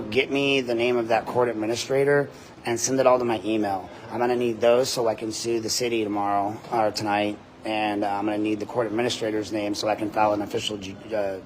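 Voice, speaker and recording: Profane, combative man with a deep voice. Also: slight background noise. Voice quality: loud deep voice. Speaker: host, citizen journalist. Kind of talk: livestreamed rant. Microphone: body-worn camera mic.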